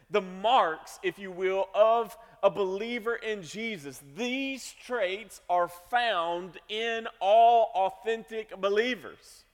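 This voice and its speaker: Pastor, male, high-pitched, emphatic sermon delivery, reverberant church hall. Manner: emphatic preaching, builds to loud stressed phrases.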